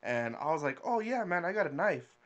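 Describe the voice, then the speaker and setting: A man's voice: fairly high pitch, big pitch swings, brisk, a bit bright, muffled recording. A man co-hosting a podcast, telling a story in a laid-back, swearing, casual chat. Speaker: podcast co-host. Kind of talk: casual storytelling among friends.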